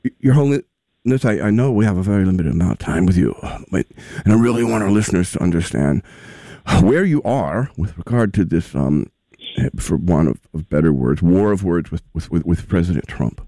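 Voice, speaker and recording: A man's voice: low-pitched, animated, brisk, dark tone, no room sound, clean studio sound. A male radio host interviewing a guest, flustered and stammering as the talk keeps going off track. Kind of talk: comedic interview.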